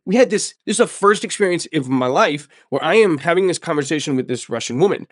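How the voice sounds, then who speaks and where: A man with a slightly raised voice recounts his travels in a relaxed interview, recorded close and dry. He talks with eager emphasis and repeats words to drive a point home. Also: fairly high pitch, fast talker, hardly any pauses, dry recording. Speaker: podcast host sharing his story. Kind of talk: casual interview storytelling.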